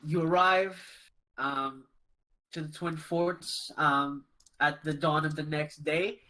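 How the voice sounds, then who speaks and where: A game master narrating a tabletop game in a halting way, full of pauses and fillers. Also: medium pitch, steady tone, pushed and bright, rough recording.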